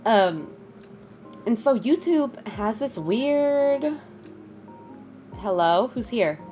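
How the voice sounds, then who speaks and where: A woman's voice: lively intonation, extremely slow, music in the background. A young woman streaming a game, chatting casually with viewers and greeting them by name. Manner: chatty, greets chat, bursts of high laughter. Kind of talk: casual live-stream chat.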